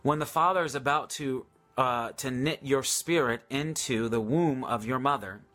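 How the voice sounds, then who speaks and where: A man's voice: medium pitch, moderate pace, a bit bright, soft background music. A man hosting a casual live question-and-answer session on faith, enthusiastic and hesitant, with many ums and restarts. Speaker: host answering viewer questions.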